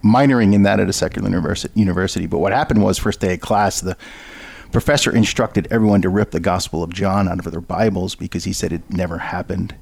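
A male guest telling his faith testimony in an earnest, storytelling way, with frequent pauses and fillers. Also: low-pitched, creaky, darkish tone, no room sound. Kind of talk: interview testimony.

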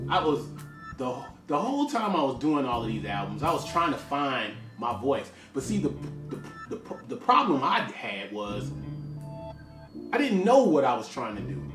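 Brief: man in his late forties, frank rambler, lively up-and-down delivery, recorded from across an echoey room with music playing underneath. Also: fairly high pitch, recorded from a distance. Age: 40s. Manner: rambling, frank, stop-start with many restarts. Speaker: musician talking about his work. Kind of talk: casual monologue.

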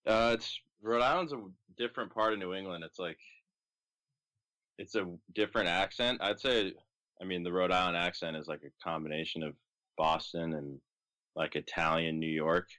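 A young man from California, a guest on a podcast, answering in a relaxed, easygoing way. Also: low voice, normal speed, no room sound. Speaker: guest, college pitching coach. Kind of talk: casual interview chat.

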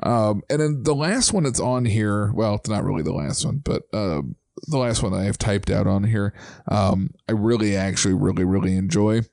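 A man hosting a casual podcast chat, relaxed and full of ums, now and then singing chant lines. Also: fairly low pitch, normal speed, creaky, no echo, studio quality. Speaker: podcast host.

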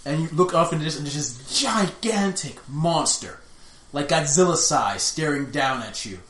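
A man's voice: on the high side, lively intonation, moderate pace, fairly bright tone. A man narrating a tabletop role-playing game as game master, loose and rambling, often laughing.

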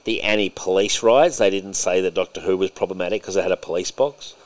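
Man, low voice, sarcastic, ranting, casual podcast co-host. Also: fast talker.

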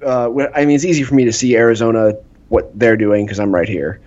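A man co-hosts a podcast in a mid-pitched voice. His talk is easygoing and hesitant, dotted with uhs, and his mic sounds a little dull and muffled. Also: steady tone, fast, darkish tone. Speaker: podcast co-host. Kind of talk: casual baseball chat.

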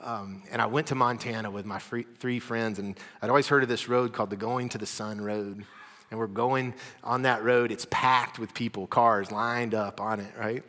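A man preaching a sermon, telling personal stories with animated energy that drops to a hushed voice. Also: fairly low pitch, moderate pace, long reverb tail. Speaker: pastor. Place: church hall.

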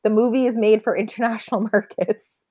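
A woman's voice: on the high side, steady tone, a little fast, a little mellow. Chatty woman podcaster. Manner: chatty, many fillers and restarts. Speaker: podcast co-host. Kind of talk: casual movie discussion.

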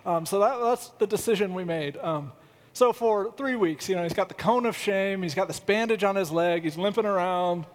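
High-voiced man preaching a casual sermon. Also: normal speed. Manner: conversational, humorous storytelling. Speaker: pastor. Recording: long reverb of a large hall.

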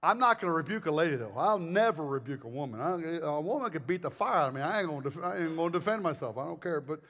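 A male preacher giving a sermon, telling stories in a rambling, animated way full of jokes and asides. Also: fairly high pitch, fast talker.

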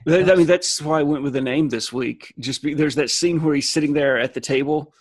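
A man's voice: on the high side, fairly quick. A man co-hosting a podcast, chatting candidly with some swearing. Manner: candid, profane. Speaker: podcast co-host. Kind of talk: casual podcast chat.

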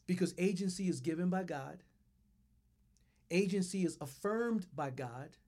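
A man's voice: sits high, measured pace, a little mellow. A man preaching a sermon and leading his listeners through repeated phrases with strong emphasis on each word. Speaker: pastor.

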